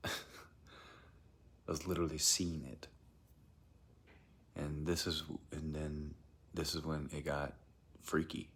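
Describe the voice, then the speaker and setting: A man's voice: a bass voice, level tone, slow, long pauses, fairly bright tone, breathy edge. A man telling a strange personal experience in a rambling, hesitant way, often dropping into a whisper. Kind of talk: casual first-person account.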